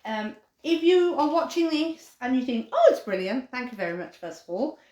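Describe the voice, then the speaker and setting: A woman's voice: high-pitched, moderate pace, reverberant. A woman presenting a live craft lesson for children, chatty and cheerful, now and then barking like a dog for fun. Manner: chatty, animated, says dog barks playfully.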